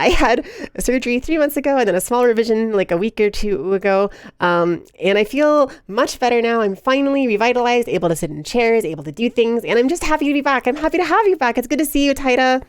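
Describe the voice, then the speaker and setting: A woman's voice: on the high side, clear, resonant tone, dry recording, studio quality. A woman live streaming who chats casually and reads chat aloud, giggly and playful with frequent laughter.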